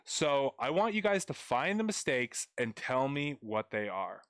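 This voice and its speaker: A man's voice: medium pitch, big pitch swings, a little slow, fairly bright tone, clean tone, no echo, studio quality. A young man tutoring grammar on a live stream, chatting playfully with viewers as he goes over a paragraph. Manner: chatty, playful, addresses chat viewers directly.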